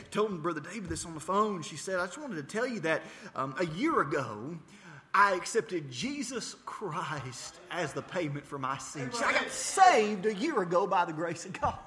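A man's voice: high-pitched, in a large hall. A man preaching a mission testimony, retelling a story with many hesitations and rising to fervent intensity. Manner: storytelling, repeating "she said" and building to fervent intensity; frequent hesitations and restarts. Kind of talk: testimony sermon.

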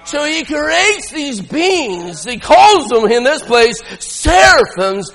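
A male preacher giving a sermon with emphatic, shouting delivery and frequent laughter. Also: extremely high pitch, sing-song, very slow, creaky, in a large hall.

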